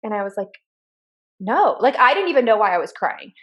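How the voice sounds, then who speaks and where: Earnest, animated woman co-host. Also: fairly high pitch, fairly quick, dull audio. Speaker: podcast co-host. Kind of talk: casual chat.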